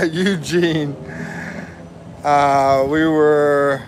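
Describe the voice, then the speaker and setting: A man's voice: on the high side, fairly even intonation, drawn-out words, slight background noise. A man in his fifties from the USA, hosting a casual livestream, reading viewer comments aloud and laughing often. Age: 50s. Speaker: livestream host.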